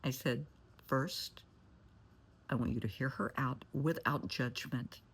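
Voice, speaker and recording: Husky, gravelly-voiced woman therapist. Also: extremely low pitch, slow pace. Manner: candid, blunt, shifts to forceful warnings. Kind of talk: storytelling advice talk.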